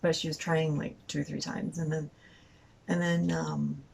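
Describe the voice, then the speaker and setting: A woman's voice: sits low, flat delivery, normal speed, gravelly, darkish tone, slight background noise, poor audio. A woman telling a story casually, rambling with lots of fillers. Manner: rambling, full of "like" and "um".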